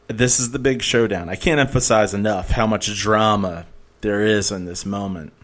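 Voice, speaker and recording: A man's voice: on the low side, fairly even intonation, moderate pace, fairly bright tone. A man talking in a rambling, sarcastic way as a podcast co-host, laughing now and then. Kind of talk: casual chat.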